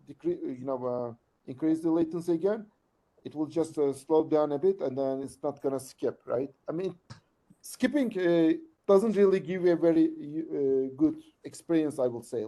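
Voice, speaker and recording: A man presenting a demo on a video call, speaking haltingly with many fillers. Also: on the high side, warm tone. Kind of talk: technical discussion.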